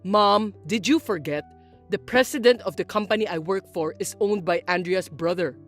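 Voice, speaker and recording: A woman voicing a grown son and husband who speaks low and patiently, reasoning with his mother. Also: normal speed, faint music behind, close to an everyday voice. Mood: explaining. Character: calm grown son and husband, young man. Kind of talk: scripted story voice-acting.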